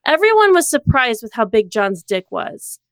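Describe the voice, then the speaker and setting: A woman reading a comedic story aloud in a deadpan storytelling manner on a close studio mic. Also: on the high side, normal speed, no room sound. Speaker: co-host reading fan fiction.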